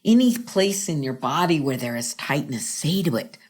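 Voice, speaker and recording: A middle-aged woman hosting a podcast, coaching listeners through a slow breathing exercise in a soothing voice that drops to whispers. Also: deep voice, expressive, a little mellow.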